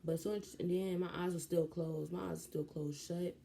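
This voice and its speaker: A young woman, telling a story in a casual vlog, animated and slangy. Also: on the low side, moderate pace, creaky. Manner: animated, slangy, jumps into quoted voices. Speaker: vlogger.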